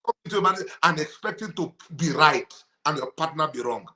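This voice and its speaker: A man's voice: fairly high pitch, lively intonation, a little fast, crowd noise. A man, a pastor and marriage counselor, teaching about marriage in conversation and repeating key phrases for emphasis.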